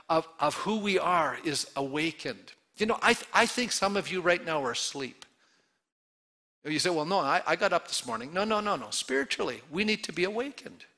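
Bright-voiced man preaching a sermon. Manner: conversational preaching with rhetorical questions; rising to excited high bursts when acting out joy. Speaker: pastor.

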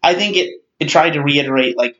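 A man's voice: on the high side, a little fast, bright, forceful tone. A man co-hosting a casual film podcast, arguing and pressing his points. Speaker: podcast co-host. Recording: dull lo-fi sound.

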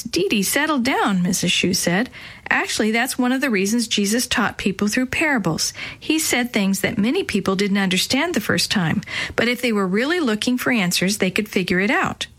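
Lady reading a kids' story out loud, doing little voices for the kids. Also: medium pitch. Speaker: narrator.

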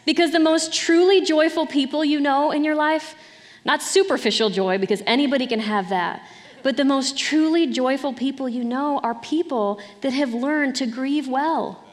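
In a large hall, a woman whose voice sits high delivers a sermon at normal speed. She's a middle-aged pastor, earnest yet conversational, with small laughs punctuating her points.

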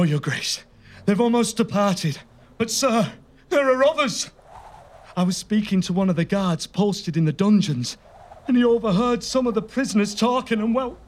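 A man's voice: very high voice, animated, normal speed. A man playing a flustered deferential guard. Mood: anxious. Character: nervous loyal male royal guard. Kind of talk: comedy audio drama.

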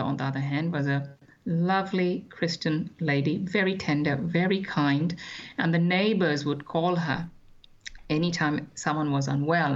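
A man, recounting his childhood as an interview guest in a measured, thoughtful way with frequent hesitations. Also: on the high side, muffled recording. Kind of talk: reflective personal storytelling.

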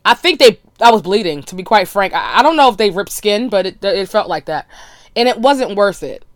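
A woman hosting a podcast, talking in a blunt, crude, animated solo monologue with laughing asides. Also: medium pitch, a little fast, no echo, clean studio sound. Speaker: podcast host.

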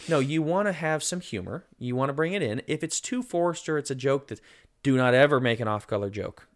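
A man's voice: medium pitch, expressive, a little fast. A man in his thirties co-hosting a casual podcast, earnest and self-deprecating, with plenty of fillers. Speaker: podcast co-host.

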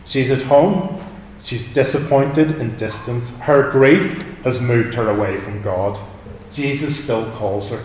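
A man preaching a sermon in a conversational, animated way, asking his listeners questions. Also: mid-range voice, unhurried, a little hiss or hum. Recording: echoey hall with long reverb.

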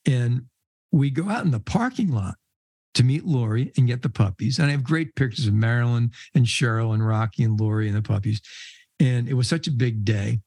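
A man's voice: mid-range voice, fairly quick, a little mellow, husky, dry recording. An older man, a podcast guest, telling casual rambling anecdotes and laughing mid-sentence. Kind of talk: casual storytelling.

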